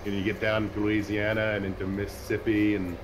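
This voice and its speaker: A man from Canada talks in a relaxed, rambling way, stopping and restarting his sentences. His voice sits a little low. A steady background noise runs under him. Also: quick pace. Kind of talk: casual chat.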